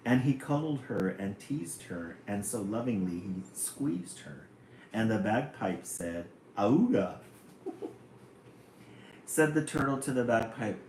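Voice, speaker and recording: Lowish voice guy reading kids poems live, playful, roomy room with faint hum. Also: animated, darkish tone. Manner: slow, playful, chuckling between poems. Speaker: live stream host. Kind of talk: reading children's poems aloud on a live stream.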